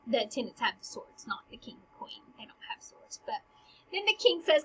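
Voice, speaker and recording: A woman's voice: a little high, sing-song, moderate pace, bright, forceful tone, husky. A woman retelling a play scene by scene in a casual teaching style, paraphrasing the lines in modern slang and often dropping to a whisper. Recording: dull lo-fi recording.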